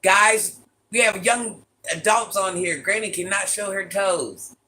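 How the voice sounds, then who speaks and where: A woman with a deep voice hosting a livestream, chatting casually and playfully teasing as she reads viewer comments. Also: a little slow, bright, forceful tone. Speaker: livestream host.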